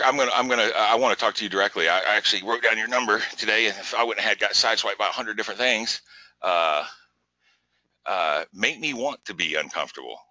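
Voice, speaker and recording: A man hosts a live business webinar, driving his points hard and circling back over his words. His voice is sharp and forceful, a little low. The sound is dry and dull, like a lo-fi close mic. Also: dry recording. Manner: energetic, repetitive, pushy coaching. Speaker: webinar host.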